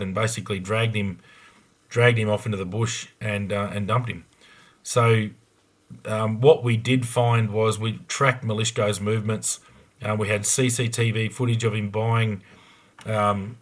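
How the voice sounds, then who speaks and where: An Australian man, a former police investigator, telling a case story on a podcast in a blunt, frank way with a lot of ums and restarts. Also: on the low side.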